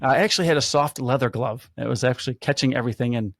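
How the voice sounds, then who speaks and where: A man's voice: medium pitch, very fast, vocal fry. A man, a police officer casually telling stories and acting out the quotes. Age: 50s. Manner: animated storyteller, acts out quotes. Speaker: podcast host, police officer. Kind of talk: casual storytelling chat.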